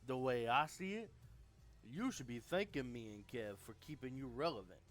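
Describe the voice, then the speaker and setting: A man's voice: mid-range voice, lively intonation, normal speed, a bit bright, soft background music, natural voice. Man doing a taunting, swaggering wrestler. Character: mocking swaggering male veteran wrestler.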